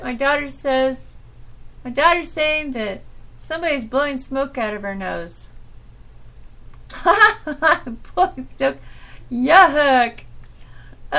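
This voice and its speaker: Subdued rambling woman, fairly high voice. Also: fairly bright tone. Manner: halting, rambling, subdued with nervous laughs. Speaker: internet radio show host. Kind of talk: casual rambling monologue.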